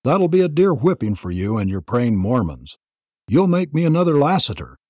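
A man voicing a defiant young outcast rider who talks back passionately and tauntingly, with a husky voice. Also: medium pitch, sing-song, normal speed, mellow, dry recording, studio quality, pitched above the performer's own voice. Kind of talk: audiobook reading.

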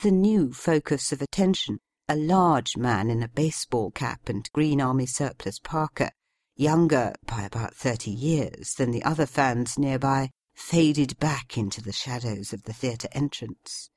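A woman narrating a story in a measured, expressive storytelling manner. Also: a bass voice, no echo. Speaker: audiobook narrator. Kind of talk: scripted narration.

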